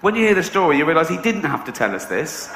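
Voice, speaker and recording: A man's voice: fairly high pitch, big pitch swings, fast talker. An English comedian telling a comic story and laughing as he goes. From England. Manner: laughs through his stories. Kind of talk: stand-up storytelling. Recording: echoey room with background noise.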